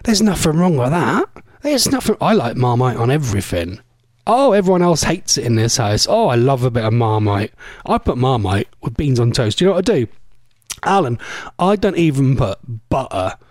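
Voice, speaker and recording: A man presenting a casual radio show, rambling and chatty, his voice going a bit hoarse. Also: mid-range voice, very animated, normal speed, darkish tone, no room sound. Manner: rambling, chatty, laughs often.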